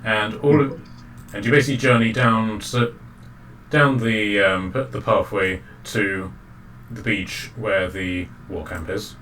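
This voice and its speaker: Low-voiced man narrating a tabletop game. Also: fairly even intonation, fairly bright tone. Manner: halting, many fillers and restarts. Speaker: game master. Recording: distant mic, faint background noise.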